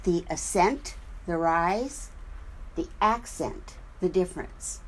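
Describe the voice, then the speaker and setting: A woman minister giving a sermon at a spiritual center, explaining things deliberately and spelling out words as she goes. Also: fairly low pitch, low-quality recording.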